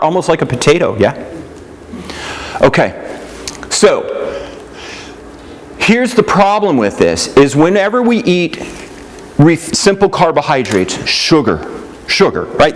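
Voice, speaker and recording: A man's voice: on the high side, very animated, measured pace, pauses often, slight background noise. A man teaching a nutrition class in a casual, conversational way, often checking in with "right?" and "yeah?" and acting out what other people say. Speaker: nutrition instructor.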